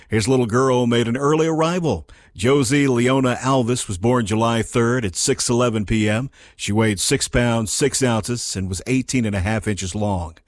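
A man reading scripted gospel music news as the anchor, measured and formal. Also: mid-range voice, dry recording, studio quality.

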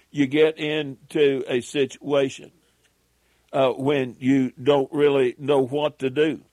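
Slow, deliberate male preacher. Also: mid-range voice, a little mellow, no echo. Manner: slow and deliberate, many pauses and "uh" fillers; reads scripture aloud in King James wording. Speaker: preacher teaching a Bible lesson. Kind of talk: slow Bible lesson sermon.

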